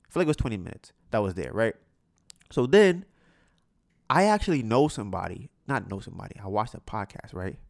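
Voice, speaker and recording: A man's voice: on the low side, a little fast, vocal fry, dry recording. Young guy on a podcast ranting about a phone call, lots of slang, voice jumps all over, dead dry room. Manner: animated, acts out both sides of a phone call; slangy, exasperated storytelling. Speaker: podcast host. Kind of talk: casual storytelling chat.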